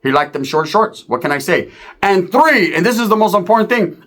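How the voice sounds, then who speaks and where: Brisk and high-pitched, a man tells an animated, profane story from the street, performing the voices of everyone else involved.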